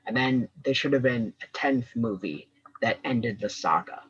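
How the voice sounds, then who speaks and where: A man's voice: mid-range voice, expressive, moderate pace, a bit bright, husky, dull audio. A man co-hosting a casual fan review show, talking in long rambling runs with many restarts. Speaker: co-host.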